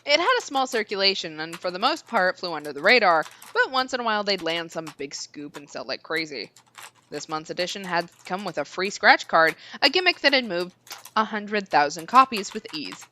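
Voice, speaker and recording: A woman streamer reading a visual novel aloud, expressive and quick to laugh. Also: lowish voice, a little hiss or hum. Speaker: streamer, co-host.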